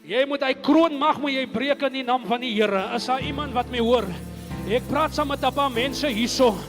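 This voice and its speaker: A male pastor with a South African accent preaching a fiery sermon, moving between hushed asides and shouted declarations. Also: very high-pitched, normal speed, big-room sound, faint music behind. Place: church hall.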